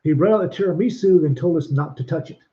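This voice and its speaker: Mellow-voiced older man telling stories. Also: fairly high pitch, fast. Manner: storytelling, puts on voices for quoted people. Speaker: podcast co-host. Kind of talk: casual chat. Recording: muffled lo-fi sound.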